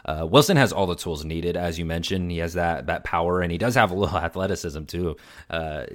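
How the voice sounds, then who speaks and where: Man, very deep voice, excitable, gushing, repeats himself, casual podcast co-host. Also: a little fast.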